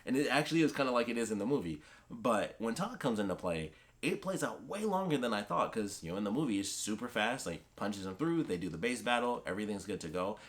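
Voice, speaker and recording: Fast-talking young man rambling about comics. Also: fairly low pitch. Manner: rambling, excitable, lots of fillers and restarts. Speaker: comic book vlogger. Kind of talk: casual chat.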